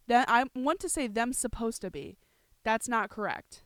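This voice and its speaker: A woman hosting a podcast, ranting heatedly, swearing freely and breaking into shouts. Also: fairly high pitch, measured pace, no room sound. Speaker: podcast host. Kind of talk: casual ranting commentary.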